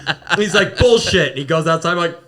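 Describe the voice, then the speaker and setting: A man, a podcast co-host who works as a bouncer, telling animated, laughing stories in casual chat, recorded in a bar. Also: on the high side, fast. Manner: animated, laughing, acts out quoted lines.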